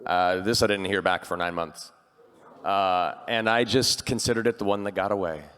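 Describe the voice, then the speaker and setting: A man with a very low voice tells an eager, animated anecdote as a panel guest. His mic carries a long reverb from a large hall. He talks casually, building the story up. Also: normal speed, clean tone. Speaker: voice actor on a convention panel.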